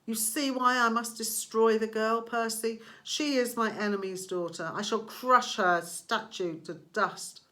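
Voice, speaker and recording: A woman voicing a menacing female snake-haired monster who speaks in a slow, persuasive purr. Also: a little high, steady tone, a bit bright. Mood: coaxing purr. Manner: purring and persuasive, turning to snarls.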